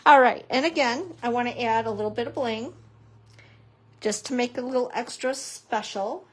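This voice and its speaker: A chatty woman crafting instructor talking her way through a relaxed live-stream demo. Her voice sits a little high for a woman, and she keeps slipping in playful, goofy asides at her own expense. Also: normal speed. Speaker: papercrafting instructor.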